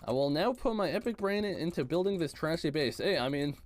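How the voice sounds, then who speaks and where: A man's voice: on the high side, expressive, fairly quick, a little hiss or hum. A man streaming a game live, reading chat messages aloud and answering them in a casual way.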